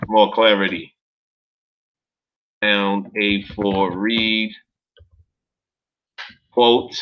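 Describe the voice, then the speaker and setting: A man, talking casually in a profane, animated vlog, jumping from low muttering to excited shouts while reading from a website. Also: muffled recording. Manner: profane, street slang. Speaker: vlogger.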